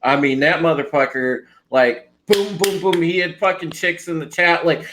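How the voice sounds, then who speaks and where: A man's voice: a little high, moderate pace, few pauses, fairly bright tone, a little hiss or hum, poor audio. A man hosting a casual online chat show, rambling and swearing freely, often breaking into laughter. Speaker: podcast host.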